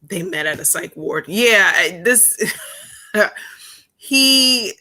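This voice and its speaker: A woman joining a livestream panel, commenting in a thoughtful, hesitant way with many pauses. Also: mid-range voice, expressive, sharp tone, slight background noise. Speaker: panel guest. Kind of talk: casual commentary.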